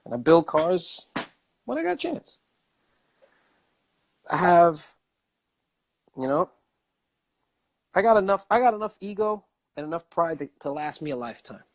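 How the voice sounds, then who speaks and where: A man vlogging a casual rant, emphatic and animated, repeating himself and swearing. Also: fairly high pitch, unhurried, pauses often.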